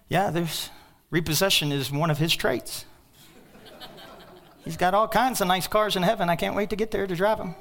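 An older man preaching a sermon as pastor, emphatic, with sudden loud outbursts and joking asides. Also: high-pitched, moderate pace.

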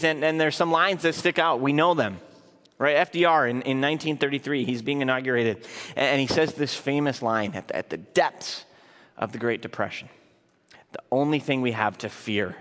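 A man's voice: medium pitch, fairly bright tone. A man preaching a sermon in a church sanctuary, talking in an earnest, conversational way. He stumbles and restarts his phrases as he goes. His mid-range voice carries a long reverb from the large hall. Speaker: pastor.

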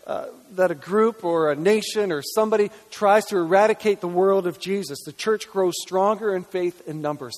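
A man with a high voice preaches an earnest, emphatic sermon and reads scripture between his points. His words ring out with a long reverb, as in a large church hall. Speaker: pastor.

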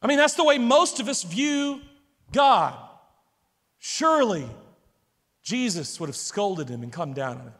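A man delivers a sermon with dramatic storytelling, often turning to ask his listeners questions. His voice sits high. The hall around him adds a long echo. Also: very animated, measured pace, long pauses, fairly bright tone. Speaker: preacher.

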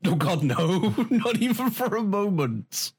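A man co-hosting a podcast in relaxed banter. His pitch moves around a lot, and he keeps breaking into impressions mid-story. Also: measured pace, slightly rough. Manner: animated, mimics others mid-story. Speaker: podcast co-host. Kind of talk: casual chat.

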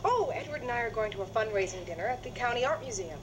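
A woman's voice: a little high, expressive, quick pace, lightly acted. An actress playing a composed adult woman in a sitcom, dressed up for a formal dinner. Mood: steady, puzzled. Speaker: sitcom character. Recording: noisy old TV clip.

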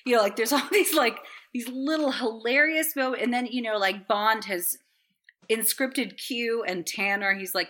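A woman with a bright, sharp voice chats casually on a podcast. She rambles enthusiastically, swears freely, and often breaks into laughter. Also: mid-range voice, normal speed. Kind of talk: casual chat.

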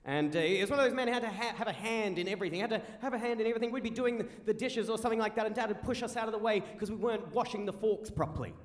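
A young Australian man telling an animated stand-up story on stage, raising his voice at the punchlines. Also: sits high, rapid-fire, few pauses. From rural South Australia. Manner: animated, rising to shouts at punchlines. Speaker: stand-up comedian. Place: live comedy venue. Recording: roomy live venue.

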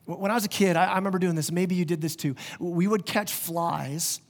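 Male pastor mid-sermon with a high-set voice; lively, restarts words often, addresses the congregation directly. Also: fairly quick. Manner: animated, stumbles and repeats words, talks straight to the congregation. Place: church.

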